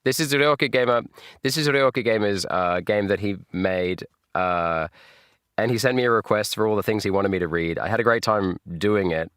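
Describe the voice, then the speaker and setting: Australian male streamer, lowish, jokey, lively, dry close sound. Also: normal speed, clear, resonant tone, dry recording. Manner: animated and jokey, laughs often. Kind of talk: live reaction stream chat.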